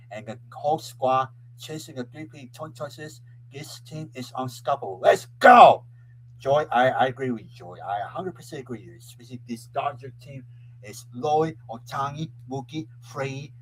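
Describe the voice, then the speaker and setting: A man hosting a casual live stream who keeps restarting and repeating his phrases and breaks into loud, excited sports chants. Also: mid-range voice, slight background noise, low-quality recording. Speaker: host of a live web show.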